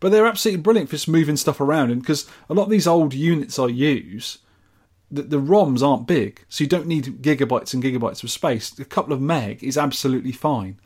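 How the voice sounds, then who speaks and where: A man's voice: on the high side, fairly quick, a little mellow, slightly rough. A man from the UK chatting casually and enthusiastically as a podcast host. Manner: chatty and enthusiastic, rambling with restarts. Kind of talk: casual chat.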